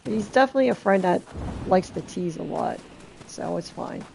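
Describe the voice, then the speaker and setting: A woman's voice: fairly low pitch, animated, brisk, vocal fry, dark tone, slight background noise. A young woman streaming a game, chatting bluntly and casually with her viewers and swearing freely. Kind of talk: casual live-stream chat while gaming.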